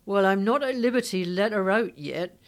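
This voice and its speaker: A woman's voice: medium pitch, expressive, brisk, lightly acted. A woman reading a stern police constable. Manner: formal, stern.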